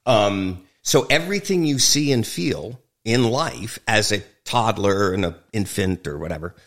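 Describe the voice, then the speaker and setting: Brief: lower-pitched man, a film director as podcast guest, candid and emphatic, curses casually. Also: animated, unhurried. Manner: emphatic, frank, swears freely, jokes. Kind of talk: candid interview conversation.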